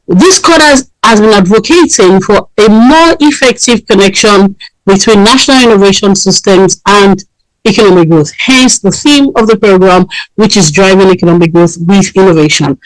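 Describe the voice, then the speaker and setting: A woman's voice: medium pitch, lively intonation, brisk, dry recording, poor audio. A woman hosting a radio talk show, delivering a solo monologue emphatically with frequent fillers, repeated points and tag questions. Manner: repetitive, emphatic, with frequent fillers and "right?" tags.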